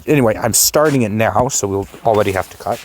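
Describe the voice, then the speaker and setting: A man's voice: on the low side, fast talker, slight background noise. A young man hosting and rambling casually through plans for a mock interview, with many fillers. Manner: rambling, filler-heavy planning talk. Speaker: host.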